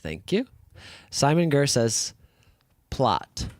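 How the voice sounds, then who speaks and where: A man's voice: medium pitch, sing-song, extremely slow. A man co-hosting a live stream, chatting casually and playfully. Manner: playful, game-show voice put-ons. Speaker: livestream co-host. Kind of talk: casual chat.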